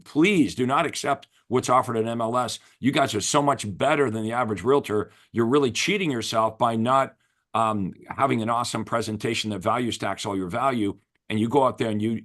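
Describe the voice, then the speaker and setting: An enthusiastic man coaching real estate agents in a casual interview chat. His voice sits at an ordinary middle pitch, and he talks with emphatic, motivating energy. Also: brisk, fairly bright tone.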